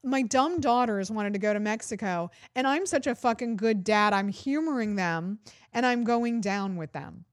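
A woman's voice: on the high side, expressive, moderate pace, no room sound, studio quality, natural voice. A woman doing a sarcastic mock impression of a smug, self-pitying male politician, in a slightly raised voice.

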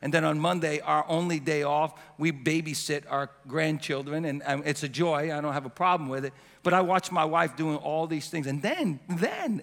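A pastor in his fifties preaching a sermon with passion, climbing to loud repeated cries and falling to a soft voice in prayer. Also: on the high side, normal speed, hardly any pauses. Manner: passionate, building to shouts and dropping to soft prayer. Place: church sanctuary. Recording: long reverb of a church hall.

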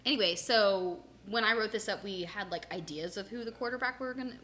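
A woman's voice: mid-range voice, a little fast, a bit bright, a little hiss or hum. A young woman from Texas co-hosting a podcast, talking in a chatty, rambling way and laughing easily. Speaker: podcast co-host. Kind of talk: casual chat.

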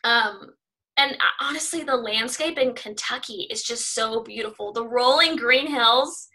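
A woman's voice: fairly high pitch, unhurried, sharp tone, rough recording. A young woman from California, a news reporter chatting as a guest in an interview, upbeat and casual with plenty of 'um' and 'like'.

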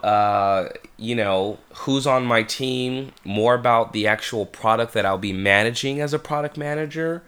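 A man's voice: medium pitch, a little slow, hardly any pauses, fairly bright tone, smooth. A man in his thirties talking casually at home in a vlog, congested and nasal, with frequent restarts as he reflects aloud. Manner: chatty, self-reflective, many restarts. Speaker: vlogger, father.

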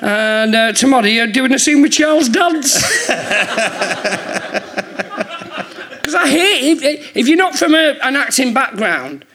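A man's voice: very high-pitched, lively intonation, slow, pauses often, bright, forceful tone. A man telling rambling stories in casual chat on a theatre stage, laughing often. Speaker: guest comedian. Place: theatre stage before a live audience.

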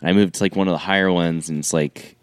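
A man's voice: low-pitched, fairly even intonation, quick pace, smooth, dry recording, clean studio sound. A young man, a drummer and music teacher, chatting casually and telling stories with lots of "like" fillers. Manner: loose storytelling with many "like" fillers. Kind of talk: casual chat.

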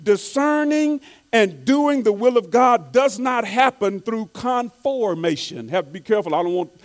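Male preacher with a high voice, delivers a sermon, repeats key lines, restarts often. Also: lively intonation. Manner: repeats key phrases for emphasis, reads quotes slowly.

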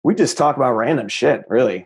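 A man's voice: mid-range voice, animated, brisk, breathy edge. A man chatting as a comedian guest on a podcast, easygoing, trailing off with fillers. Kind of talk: casual chat.

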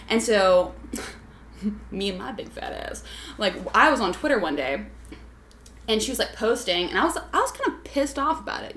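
A woman telling a story on a casual podcast chat, profane and ranting, full of swearing and quick asides. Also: medium pitch, fairly bright tone. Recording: echoey room.

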